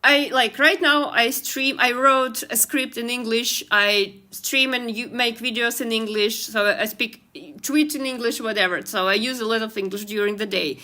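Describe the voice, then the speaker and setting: A woman's voice: on the high side, steady tone, moderate pace, few pauses, pushed and bright. A young woman with a Slavic accent chatting casually on a live stream while drawing, giggly and trailing off with fillers. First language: Ukrainian. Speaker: streamer and artist.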